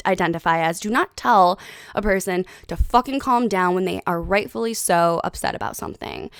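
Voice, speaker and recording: A woman in her thirties hosting a podcast, chatting casually in an animated, heated way with plenty of swearing. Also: mid-range voice, no echo, studio quality. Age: 30s. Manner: animated, profane, heated storytelling. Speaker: podcast host. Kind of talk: casual chat.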